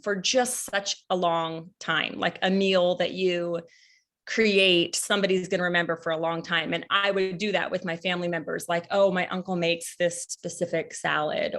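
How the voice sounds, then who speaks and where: Brief: woman author, lower-pitched, easygoing meandering talker, video-call sound. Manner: relaxed, rambling, fillers like "you know". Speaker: cookbook author. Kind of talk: casual conversation.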